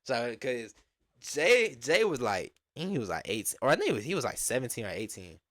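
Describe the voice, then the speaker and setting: This young vlogger from Atlanta speaks at a medium pitch and a slightly fast pace, with clean, dry studio sound. His casual, slang-heavy story comes alive through many acted-out quotes.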